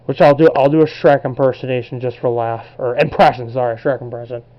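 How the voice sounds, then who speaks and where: A young man talking casually to camera as he pages through a yearbook, relaxed and rambling, often unsure how names are pronounced. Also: medium pitch, brisk, dull audio. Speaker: collectibles vlogger.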